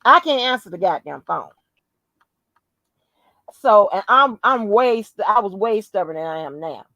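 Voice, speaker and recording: Profane, animated woman telling a story. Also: mid-range voice, measured pace, dry recording, poor audio. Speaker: podcast host. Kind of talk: casual storytelling chat.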